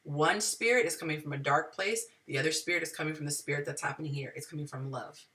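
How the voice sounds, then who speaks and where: A woman's voice: deep voice, quick pace, bright, forceful tone, far from the mic. A woman hosting a live dating advice talk, speaking to viewers in an emotional, preachy, spiritual way.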